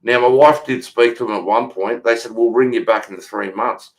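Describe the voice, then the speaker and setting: A man's voice: medium pitch, fairly even intonation, normal speed. Blunt, foul-mouthed Australian man. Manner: blunt, swears freely, retells calls in a mocking voice. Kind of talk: casual profane storytelling.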